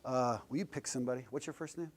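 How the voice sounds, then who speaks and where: A man's voice: medium pitch, quick pace. A man giving a casual, joking motivational talk as a guest speaker to a class, blunt and a little profane. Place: classroom lecture.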